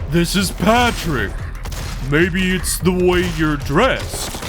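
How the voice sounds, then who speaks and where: A man's voice: sits high, expressive, over music. A man putting on a dim-witted, blustering cartoon starfish voice. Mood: dopey ranting. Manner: slow, dopey and blustering.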